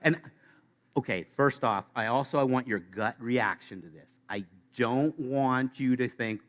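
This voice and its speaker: A man preaching a sermon to his congregation, playful and animated, speaking straight to the listeners. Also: medium pitch, measured pace. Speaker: pastor. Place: church sanctuary.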